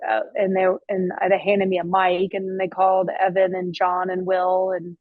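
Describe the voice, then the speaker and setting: A monotone woman with a voice on the low side talks at a moderate pace about her barbecue restaurant, where she is owner and chef. Her casual interview storytelling is chatty, with many restarts, fillers, and the odd swear. No room sound comes through, and it sounds like a phone.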